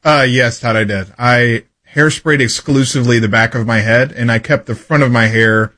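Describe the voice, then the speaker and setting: A man's voice: mid-range voice, normal speed, bright, forceful tone. A man in his twenties chatting casually as co-host on a radio show. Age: 20s. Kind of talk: casual studio chat. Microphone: studio mic.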